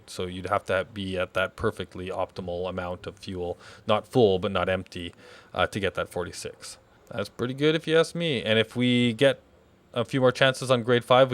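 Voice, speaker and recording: A man's voice: on the low side, a bit bright, dry recording. A man hosting his own gaming channel, talking casually over gameplay and thinking aloud with fillers.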